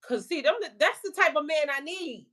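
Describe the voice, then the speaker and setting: A woman with a slightly high voice chats with her livestream viewers, loose and playful. She talks in a relaxed, slangy way and breaks into laughter often as she answers comments. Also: moderate pace. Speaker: spiritual life coach and channel host. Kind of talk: casual livestream chat with viewers.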